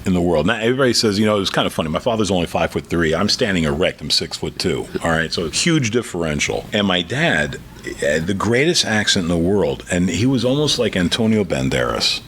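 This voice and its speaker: A middle-aged American man, a comedian guest on a radio interview, telling stories in a lively way and breaking into acted voices. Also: quick pace, a little hiss or hum. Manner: lively, acts out quoted voices with high squeals and laughter. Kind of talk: animated radio interview storytelling.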